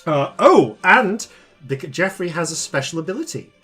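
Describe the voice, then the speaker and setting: A man's voice: on the high side, big pitch swings, normal speed, fairly bright tone, slightly rough, soft background music. A man narrating as dungeon master, laughing often and stopping to restart his sentences. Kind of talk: narrating a tabletop game.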